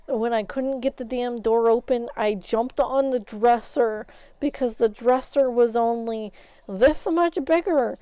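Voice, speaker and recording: A woman's voice: fairly high pitch, warm tone, clear, resonant tone, no echo, muffled recording. A woman streamer telling a story in a rambling way while she plays a game, swapping in "flip" for swear words. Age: adult, has an ex-husband. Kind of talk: casual storytelling while gaming.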